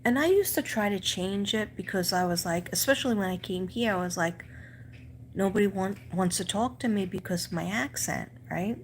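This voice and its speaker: A woman's voice: medium pitch, normal speed, a little hiss or hum. A middle-aged woman with a strong Staten Island New York accent, chatting on a live stream, telling stories full of fillers and asides. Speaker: teacher and live-stream host. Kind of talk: casual live-stream chat.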